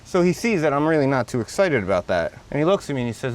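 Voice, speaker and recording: A man's voice: mid-range voice, big pitch swings, fast talker. A man hosting a vlog, working on a car in a garage and telling a story in a joking, casual way that includes some swearing. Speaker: vlog host doing car repairs. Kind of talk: casual hands-on narration and storytelling.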